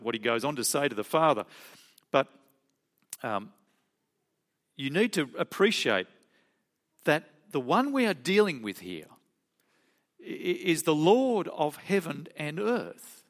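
A male preacher delivering a sermon. His pitch swings widely as he acts out quoted speech, then drops into quiet, soft asides.

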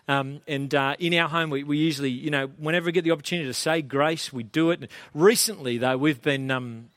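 A man's voice: a little high, fast talker, few pauses, fairly bright tone, dry recording. A middle-aged man, preaching a sermon in a casual, chatty, self-deprecating way. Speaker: pastor.

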